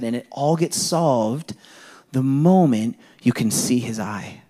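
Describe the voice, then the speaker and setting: A man preaching a sermon in a conversational, animated way, full of rhetorical questions and illustrations from his home life. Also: medium pitch, slow pace. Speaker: pastor.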